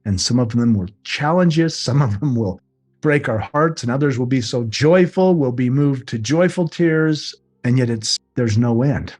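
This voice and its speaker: A man's voice: medium pitch, expressive, moderate pace, darkish tone. A middle-aged man earnestly recounting a personal near-death experience in an emotional, reflective way. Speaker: guest telling his near-death experience. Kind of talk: personal storytelling.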